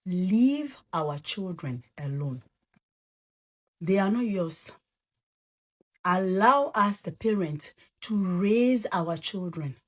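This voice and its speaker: A woman's voice: fairly low pitch, expressive. A woman speaking as a parent in an impassioned, pleading appeal. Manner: pleading, deliberate.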